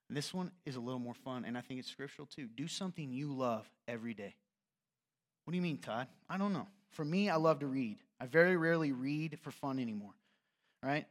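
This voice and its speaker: A man preaching a sermon in a conversational, jokey way, often checking in with the congregation. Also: medium pitch. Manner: conversational, jokey preaching with frequent "right?" asides. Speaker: pastor.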